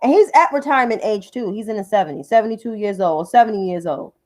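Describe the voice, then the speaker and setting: A woman's voice: medium pitch, fast, a little mellow. A woman hosting a livestream of political commentary, combative and profane, repeating names for emphasis.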